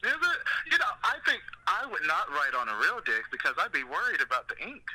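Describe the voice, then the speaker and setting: Bright, animated male podcast host; funny storyteller, quick to laugh. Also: fairly high pitch, low-quality recording. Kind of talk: casual comedic chat. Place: room in Los Angeles.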